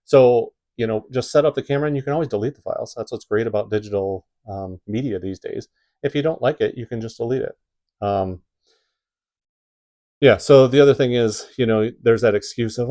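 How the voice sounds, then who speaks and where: In a mellow, mid-range voice that runs a little fast, a Midwestern American YouTuber shares casual advice from home. He rambles, using many fillers and restarting sentences.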